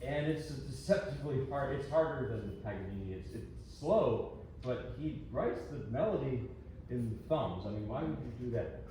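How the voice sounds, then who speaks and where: Man, mid-pitch, a chatty self-deprecating pianist talking to his audience, caught from far off in a very echoey hall with background noise. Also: animated, normal speed, mellow. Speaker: pianist giving a recital. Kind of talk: talking to a recital audience between pieces. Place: concert hall.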